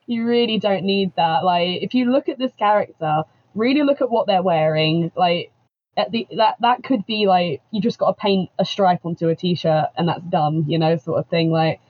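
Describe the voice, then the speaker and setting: Woman, bubbly cosplay guest, husky, muffled lo-fi line. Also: on the low side, normal speed. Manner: bubbly, laughs often, many "like" fillers. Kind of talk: casual panel chat. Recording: dull lo-fi audio.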